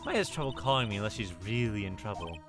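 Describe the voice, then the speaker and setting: A man voicing a calm young woman lawyer mentor in a game, in an everyday voice. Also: lowish voice, quick pace, music in the background, pitched below the performer's own voice, close to an everyday voice.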